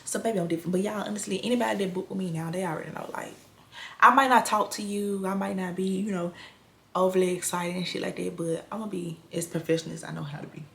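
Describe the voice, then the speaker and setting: A young woman telling a storytime vlog, blunt and animated, swearing freely in casual slang. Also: lowish voice, quick pace, gravelly.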